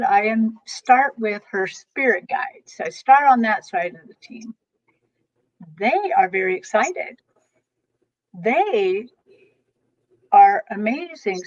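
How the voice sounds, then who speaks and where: A woman with a fairly high voice tells long stories in an animated, rambling way, often breaking off and starting over. She is a guest on an interview show. The recording is dull and lo-fi. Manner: animated, rambling storyteller with frequent restarts. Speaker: guest, tarot reader. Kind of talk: storytelling interview chat.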